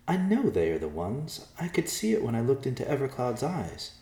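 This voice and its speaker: A man's voice: medium pitch, sing-song, normal speed, warm tone, echoey room, pitched above the performer's own voice, close to an everyday voice. A man voicing a worried young woman who pleads anxiously.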